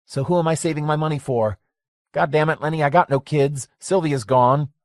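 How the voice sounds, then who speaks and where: A man's voice: a little high, normal speed, no echo, pitched above the performer's own voice, lightly acted. A man reading the lines of a lonely middle-aged man who wants his youth back, his voice raised and pleading. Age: 40s.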